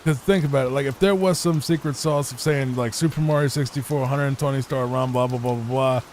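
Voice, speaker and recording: Speaking slightly quickly in a medium, darkish voice with fairly even intonation, a gaming YouTuber offers meandering, improvised sleep commentary over gameplay. He repeats himself a lot, and his home desk mic carries slight background noise.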